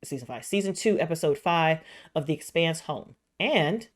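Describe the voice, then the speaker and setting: Low-voiced, animated woman recapping a show. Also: normal speed. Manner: animated, slangy, swears, searches for words. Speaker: reaction video host. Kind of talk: casual recap and reaction.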